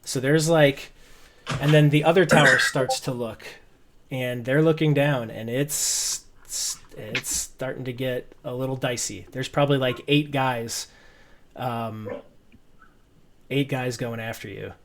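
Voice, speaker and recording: A man narrating a tabletop game as game master over a video call, telling the story in an animated way and often repeating words. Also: mid-range voice, unhurried, slight background noise.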